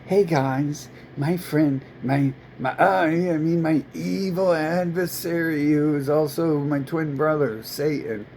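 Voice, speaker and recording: A man voicing a whiny male preacher who pleads in a mocking, halting way, full of ums and uhs. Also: on the high side, steady tone, vocal fry, a little mellow, a little hiss or hum, voice pushed up.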